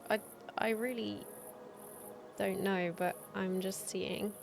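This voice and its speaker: A woman's voice: mid-range voice, fairly even intonation, slow, gravelly. A woman streaming a video game, talking through the puzzles in casual commentary, thinking aloud and trailing off mid-sentence. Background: game music.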